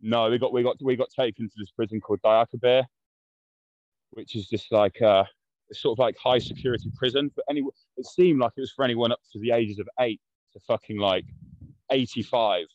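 A man's voice: medium pitch, fairly even intonation, brisk, a little mellow, no room sound. A man, a podcast guest telling a story in a blunt, rambling, swear-heavy way. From London. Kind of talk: casual storytelling. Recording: dull, dry lo-fi podcast audio.

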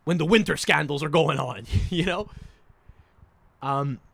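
Excitable man ranting on his podcast. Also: fairly high pitch, measured pace, gravelly, no echo. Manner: rambling and profane, with repeated "you understand?" asides; excitable, jumps between topics. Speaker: podcast host. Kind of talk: solo podcast monologue.

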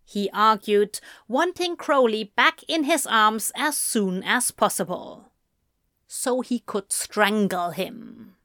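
A woman narrating a story aloud in an expressive reading voice. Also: mid-range voice, slow, no room sound, studio quality. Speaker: audiobook narrator.

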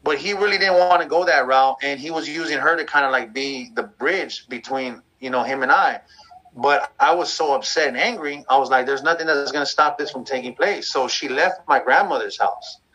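A man's voice: mid-range voice, normal speed, pushed and bright, poor audio. A man talking candidly and reflectively about his past in a loose, conversational way. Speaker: guest sharing his story.

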